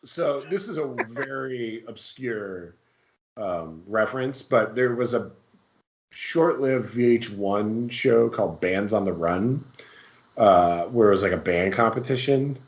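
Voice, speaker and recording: A man with a fairly low voice co-hosts a casual podcast. He talks with enthusiasm and often laughs as he recounts the parts he loved. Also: animated, takes it slowly. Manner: enthusiastic, laughs while recounting favorite scenes. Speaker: podcast co-host. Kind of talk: casual chat.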